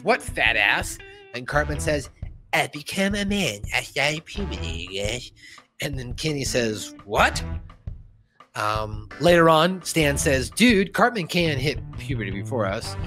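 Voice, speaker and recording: A man casually recapping a cartoon episode, laughing and acting out lines from it. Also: on the high side. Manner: animated, laughing, acts out character lines. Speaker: podcast host.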